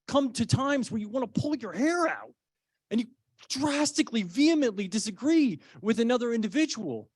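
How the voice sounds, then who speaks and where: An earnest man in a persuasive public speech, his voice sitting somewhat high for a man. He moves between argument and conversational storytelling. The recording is dry and close, with no room sound. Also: no room sound. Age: adult parent of a young child. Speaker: actor speaking as a child-safety advocate.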